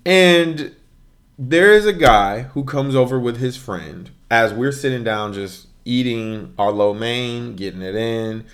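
A man telling a story in casual chat as a podcast co-host, animated and full of fillers. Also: medium pitch, slow.

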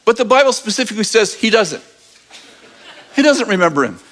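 High-voiced animated preaching man. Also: a little fast. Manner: animated, acts out voices, jokey asides. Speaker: pastor. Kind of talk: lively storytelling sermon.

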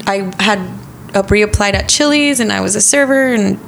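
Woman chatting casually, slightly gravelly voice, lots of ums and likes, acts out the voices in her story. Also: mid-range voice, normal speed, a little hiss or hum. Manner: chatty, many fillers, acts out quoted speech. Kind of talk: casual conversation, personal story.

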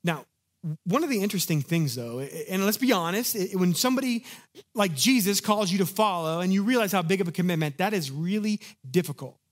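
A man preaching a sermon in an animated, conversational way, acting out the lines of the people in his story. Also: high voice, brisk. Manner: animated, conversational, acts out quotes. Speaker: pastor.

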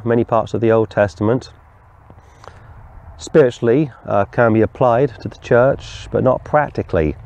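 A man preaching a verse-by-verse sermon, explaining scripture deliberately and wandering into stories. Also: medium pitch, a little mellow. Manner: deliberate, explanatory, digresses into storytelling. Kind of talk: verse-by-verse Bible teaching.

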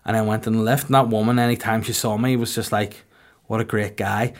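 Northern Irish man, crude deadpan jokes. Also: on the low side, brisk. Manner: crude, deadpan comic storytelling. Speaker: podcast host. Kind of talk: casual comedic podcast chat.

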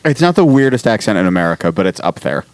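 A man's voice: on the low side, very animated, fast talker, a little hiss or hum. A man co-hosting a podcast, recapping a TV episode in casual chat, swearing and laughing, acting out the characters as he goes. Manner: laughing, profane, acts out characters mid-recap. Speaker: podcast co-host.

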